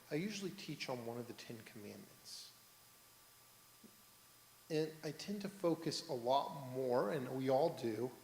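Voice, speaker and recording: A man's voice: medium pitch, creaky, a little mellow. A man, a rabbi, giving a storytelling sermon from the bima and asking the congregation questions. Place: synagogue sanctuary, on the bima. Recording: echoey hall, roomy reverb.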